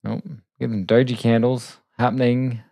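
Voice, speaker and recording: A man hosting a live trading stream late at night, talking quietly and casually with self-deprecating asides. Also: mid-range voice, little pitch movement, normal speed, creaky, dry recording. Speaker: trading livestream host. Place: home desk at night. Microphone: desk microphone.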